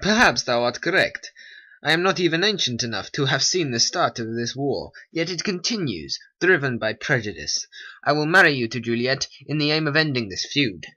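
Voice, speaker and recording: A man voicing a cautious older friar in a homemade stop-motion animation, speaking in a measured, advising way. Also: medium pitch, very animated, pushed and bright, lo-fi sound. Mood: grave.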